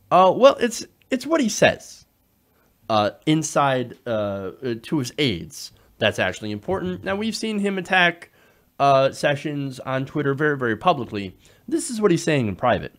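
A male political commentator, his pitch sitting a little high and swinging widely as he talks. He sounds indignant and animated, and he often stumbles over "uh" and restarts his sentences.

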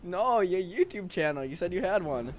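A young man chatting with friends while racing in a video game, laughing a lot and loudly outraged when he loses. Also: high voice, animated, moderate pace, slight background noise. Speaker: gamer host. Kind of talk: casual gaming chat with friends.

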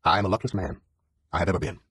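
A man's voice: deep voice, very fast, a bit bright, husky, no room sound, clean studio sound. A man reading an audiobook and voicing a toothless, self-pitying old farmer who speaks in a plaintive drawl.

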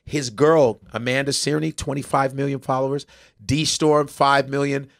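Middle-aged male comedian from Nigeria; loud, profane, slips into voices as he tells stories. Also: medium pitch, level tone, moderate pace. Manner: loud, profane, acts out people in quoted voices. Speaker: comedian guest. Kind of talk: animated storytelling with voices.

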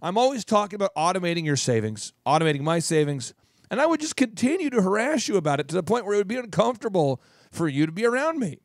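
A man from Minnesota hosting a podcast, talking through advice in a jokey, animated way with lots of repetition. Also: high voice, quick pace, no echo, clean studio sound. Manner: jokey, animated, repeats phrases. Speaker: podcast host and business coach. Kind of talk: advice monologue.

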